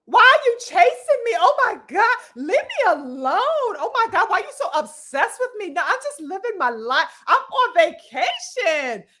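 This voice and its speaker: A woman's voice: very high voice, big pitch swings, normal speed, few pauses, pushed and bright, pitched above the performer's own voice, exaggerated voice. A woman putting on the voice of whiny, petulant young male boxers in a mocking, sing-song tone.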